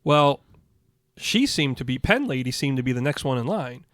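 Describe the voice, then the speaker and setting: A man's voice: mid-range voice, moderate pace, no echo, clean studio sound. A man co-hosting a podcast, telling an anecdote in a casual, profane way and acting out what people said. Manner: profane, animated storyteller acting out quotes. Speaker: podcast co-host. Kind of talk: casual chat, storytelling.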